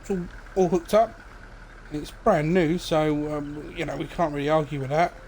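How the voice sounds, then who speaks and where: A man's voice: fairly high pitch, normal speed, slight background noise. A man giving casual, rambling commentary on a farming game he streams, full of ums and asides. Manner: relaxed, rambling, many fillers. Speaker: gaming streamer. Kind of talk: casual let's-play commentary.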